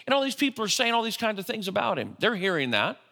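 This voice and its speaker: Middle-aged man, sermon, bright forceful voice, fairly high pitch, long echoing church hall. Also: big pitch swings, fast talker. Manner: conversational preaching, asks the congregation questions. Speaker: pastor.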